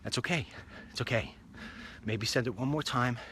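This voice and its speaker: A man's voice: medium pitch, normal speed, sharp tone, a little hiss or hum. A man hosting his own online show, chatting in a rambling, upbeat way while walking outdoors along a street. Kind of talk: casual walk-and-talk monologue.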